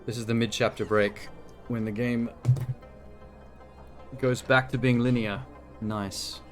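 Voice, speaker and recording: A man's voice: medium pitch, fairly even intonation, takes it slowly, soft background music. A man casually commenting as he plays a video game on a live stream, chatty and given to swearing and talking to himself. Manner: chatty, profane, self-talking while playing. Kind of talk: casual let's-play commentary.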